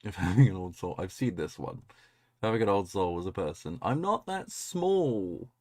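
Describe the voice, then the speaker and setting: A man's voice: low voice, lively intonation, normal speed, darkish tone, no room sound, clean studio sound. A man chatting casually on a livestream, swearing freely and making self-deprecating asides. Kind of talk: casual livestream reaction chat.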